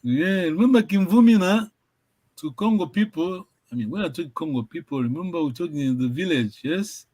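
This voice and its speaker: A man's voice: fairly high pitch, lively intonation, normal speed, warm tone, rough recording. A man teaching a language over a video call, encouraging and repetitive, often laughing. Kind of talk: online language lesson.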